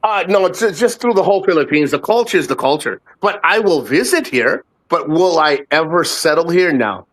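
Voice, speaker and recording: A man's voice: fairly high pitch, lively intonation, moderate pace, hardly any pauses, a bit bright. A man in his fifties from the United States, a guest on a casual live chat, talks in a rambling, profane way and often repeats himself. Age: 50s.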